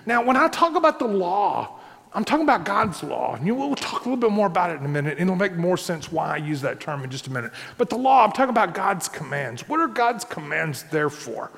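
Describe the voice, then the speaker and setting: Lively, gravelly male pastor preaching. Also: high voice, a little fast. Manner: conversational preaching, repeats points, asks the congregation "right?". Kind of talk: sermon. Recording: long hall reverb.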